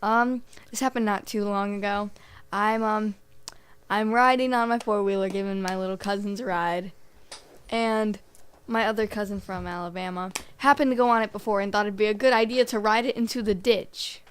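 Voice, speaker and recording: A woman's voice: mid-range voice, steady tone, moderate pace, clear, resonant tone. A teenage girl guesting on a casual podcast, telling mishap stories in a laid-back way. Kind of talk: casual storytelling chat.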